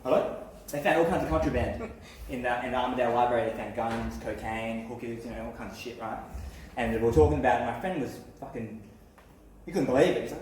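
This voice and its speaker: A man's voice: medium pitch, brisk, distant mic, a little hiss or hum. A man doing crude, rambling open mic stand-up and laughing at his own jokes. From Australia. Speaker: stand-up comedian. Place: small venue, in front of an audience. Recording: echoey room picked up from afar.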